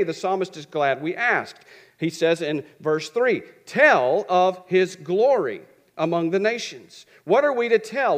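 A man's voice: high voice, fairly bright tone. A man preaching a sermon. He asks questions and answers them himself, and repeats phrases for rhythm.

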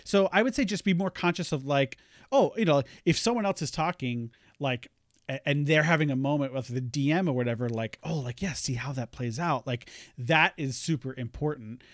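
A man's voice: a little high, normal speed, no echo, studio quality. A man co-hosting a podcast, giving earnest advice in a casual way with many fillers. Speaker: podcast co-host.

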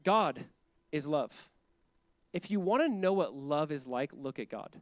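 A man preaching a sermon as pastor, animated and conversational, leaning on emphatic repetition and laughing often as he talks. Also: fairly high pitch, a little slow, no room sound. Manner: laughs often while speaking.

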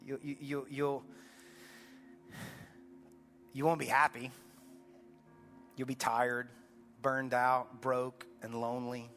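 A man preaching a sermon as pastor to a congregation, emphatic, swinging from urgent high peaks to low quiet lines. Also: level tone, takes it slowly, big-room sound, soft background music. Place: large church auditorium.

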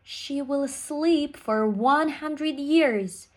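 A kind good fairy from a children's storybook, as a woman reading aloud puts her on. She speaks slowly and soothingly, in a lightly raised voice. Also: high-pitched, a little mellow, pitched above the performer's own voice. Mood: reassuring.

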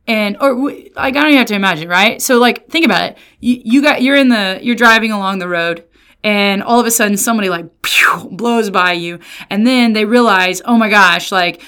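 A woman pastor giving a casual Bible lesson, lively and often slipping into sarcastic quoted voices. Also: medium pitch, fairly quick, clear, resonant tone. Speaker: pastor and resident theologian.

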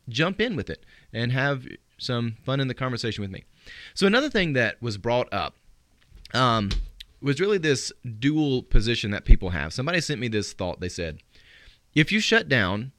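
A male pastor giving a live-streamed sermon, answering questions sent in by listeners and reading scripture slowly for emphasis. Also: mid-range voice, a bit bright, dry recording. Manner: earnest, reflective, quotes scripture with slowed emphasis.

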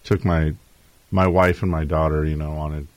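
Male host, very low voice, dry studio sound, chatty joke teller. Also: little pitch movement, normal speed, no echo. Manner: jokey storyteller, chuckles often. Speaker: show host. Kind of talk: casual chat.

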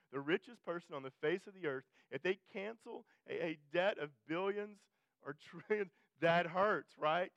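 A man's voice: sits high, fairly bright tone, no room sound. A male pastor preaching a sermon in a conversational way, often restarting and repeating phrases and pushing his voice up for emphasis.

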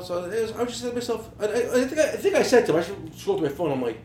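A man hosting a podcast, swearing freely through lively, animated stories about his tool business. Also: sits high, very fast, hardly any pauses. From New Jersey. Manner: profane, animated storytelling. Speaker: podcast host, tool dealer. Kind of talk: casual podcast chat. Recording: roomy echo, faint background hiss.

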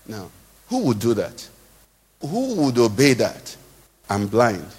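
A man's voice: medium pitch, huge pitch swings, slow, a little mellow, slightly rough. A man with a Nigerian accent preaching a sermon, often putting questions to the congregation in a rising, singsong cadence. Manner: rhetorical questions to the congregation, sing-song cadence. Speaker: pastor. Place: church hall. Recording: long hall reverb.

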